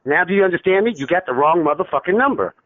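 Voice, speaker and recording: Agitated man, high lively voice, cursing, tinny phone line. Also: fast, no room sound. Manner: heated, cursing, insistent. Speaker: prank call target, truck driver.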